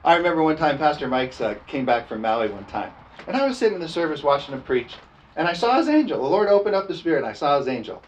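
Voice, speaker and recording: A man's voice: fairly high pitch, sing-song, fast talker, highs cut off, slight background noise. A man preaching a storytelling sermon in a folksy, laughing way, often tossing "amen?" to the congregation.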